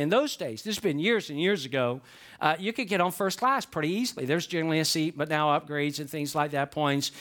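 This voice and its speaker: A man's voice: high-pitched, a bit bright. A middle-aged male pastor preaching a sermon in a folksy, conversational way, often asking the congregation questions.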